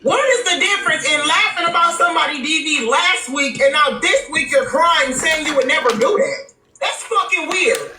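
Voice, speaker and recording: A woman's voice: sits high, animated, moderate pace. A woman in a heated live-stream argument, confrontational and swearing, repeating her question. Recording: echoey, distant mic.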